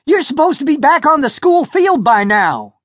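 A man's voice: high voice, big pitch swings, takes it slowly, no room sound, studio quality, full character voice. A man doing a cocky, foul-mouthed schoolboy. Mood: taunting. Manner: cocky, taunting.

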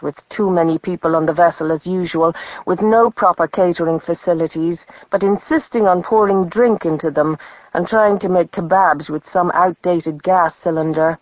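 A woman narrating a novel as an audiobook in a measured storytelling manner. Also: deep voice, no echo, lo-fi sound. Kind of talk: scripted narration.

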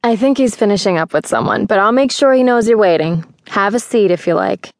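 A woman's voice: mid-range voice, animated, no room sound, studio quality, lightly acted. A woman doing a sing-song shop clerk. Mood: friendly. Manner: slow, drawn-out and sing-song. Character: friendly woman at a shop counter. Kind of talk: audiobook character voice.

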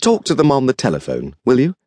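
A male audiobook narrator voicing a composed middle-aged antiques dealer who speaks in a dry, measured, understated way. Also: mid-range voice, wildly swooping pitch, a little mellow, no room sound. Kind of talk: audiobook character reading.

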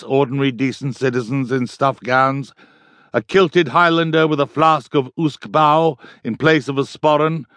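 Brief: male novel narrator, theatrical and lively, dry studio read. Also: mid-range voice, no room sound. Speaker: audiobook narrator. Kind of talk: scripted narration.

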